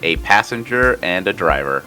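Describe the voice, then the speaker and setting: A man running a tabletop game as game master, explaining scenes calmly. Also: sits low, faint music behind. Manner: calm, measured explanations.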